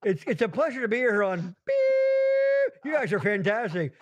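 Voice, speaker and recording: A man hosting a podcast in casual chat, loud and profane, riffing and joking. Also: high-pitched, lively intonation, fast talker, muffled recording. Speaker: podcast host.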